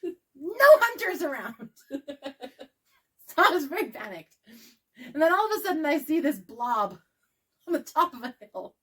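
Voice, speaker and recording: Young woman, podcast co-host, slightly high voice; animated, laughing storyteller who swears freely. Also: unhurried, pauses often. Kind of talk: casual storytelling chat.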